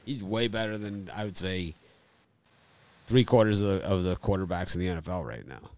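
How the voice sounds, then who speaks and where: A man's voice: sits low, a little fast, a little mellow. A man hosting a casual sports betting chat, rambling and enthusiastic, repeating himself as he tells stories. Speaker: sports betting show host.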